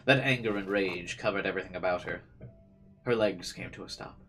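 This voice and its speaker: A man's voice: sits low, a little fast, a bit bright, faint music behind. A man hosting a let's play, reading a visual novel's narration aloud and breaking in with dry joking asides.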